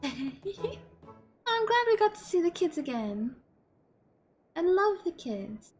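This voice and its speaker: A woman streaming a game, chatting casually in an excitable, giggly, gushing way. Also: very high voice, slow, faint music behind.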